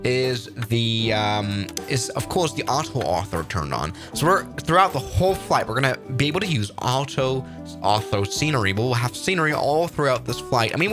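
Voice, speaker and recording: Lively man streaming a flight simulator. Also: medium pitch. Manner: rambling, upbeat, thinks aloud. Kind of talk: casual live-stream gameplay commentary.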